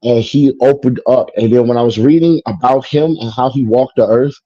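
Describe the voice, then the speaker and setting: A man tells his story in an easygoing, streetwise way, with a mellow, warm tone. He slips into the voices of the people he quotes, and the recording sounds dull and lo-fi, close and dry with no room echo. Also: mid-range voice, normal speed. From Chicago. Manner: animated, mimics people in quotes, streetwise slang. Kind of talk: casual storytelling conversation. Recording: dull lo-fi broadcast audio.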